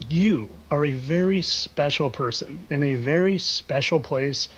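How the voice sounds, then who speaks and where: A man's voice: on the high side, a little slow, slightly rough. A man hosting a monologue video, talking in a sarcastic, insinuating way and repeating phrases for effect. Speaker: conspiracy video host. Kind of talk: monologue over clips. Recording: dull lo-fi sound.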